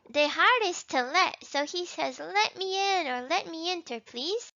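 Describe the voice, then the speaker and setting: Lively, high-voiced woman teaching slowly. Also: dry recording, lo-fi sound. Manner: slow, careful modeling of Spanish words. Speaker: Spanish teacher. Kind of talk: introductory language lesson.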